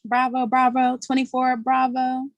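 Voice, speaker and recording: A woman hosting a playful live online quiz speaks in a high-pitched monotone at a measured pace, chatting, laughing often and using loose slang. She is on a video call from outdoors, and the recording is dry with a lo-fi sound.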